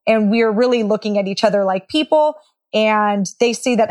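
A woman's voice: mid-range voice, moderate pace, darkish tone. A woman who invests in real estate, teaching how to talk price with sellers and acting out sample phrases in a conversational way. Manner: conversational, non-confrontational, acts out sample phrases. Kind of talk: instructional talk with role-played lines.

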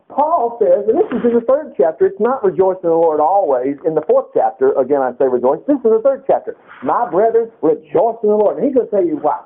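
Male radio preacher, slightly high voice, casual scripture teaching with asides, narrow lo-fi band. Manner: conversational, reads scripture aloud, frequent asides. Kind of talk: informal Bible teaching. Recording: tinny phone-like radio broadcast.

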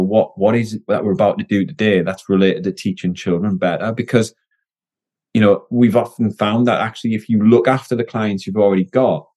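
Guest: upbeat middle-aged man, a bit low-pitched, frank storyteller. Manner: energetic and candid, frequent restarts. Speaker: guest, former Olympic swimmer and business owner. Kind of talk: casual podcast interview.

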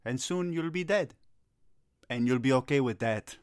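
A man's voice: mid-range voice, normal speed, clear, resonant tone, no room sound, studio quality. A middle-aged man playing a youth soccer coach in a comedy sketch, given to gloomy melodramatic rants that flare into agitated Italian curses.

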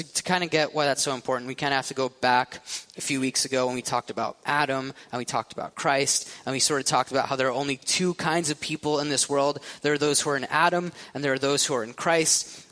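A man's voice: on the high side, fairly bright tone, in a large hall. A man preaching a sermon in a casual, conversational way, often checking in with "right?". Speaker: pastor.

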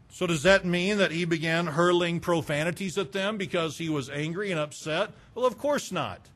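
A man preaching a sermon, fervent and emphatic, breaking into loud bursts. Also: sits high, normal speed, hardly any pauses.

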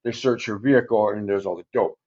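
A man's voice: fairly low pitch, a little fast, a little mellow, muffled recording. A man telling a long story in casual chat, swearing constantly, using street slang and rambling through fillers.

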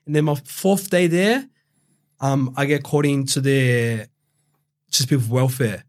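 A man's voice: mid-range voice, unhurried. Young Australian man, interview guest, rambling street talk, swears often. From Brazil, raised in Australia. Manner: rambling, heavy swearing and fillers, quotes himself. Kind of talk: casual interview storytelling.

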